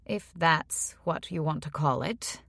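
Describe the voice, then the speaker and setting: A woman's voice: sits low, takes it slowly, gravelly, fairly bright tone, no room sound, exaggerated voice. A woman voicing a disapproving older society woman who asks pointed questions.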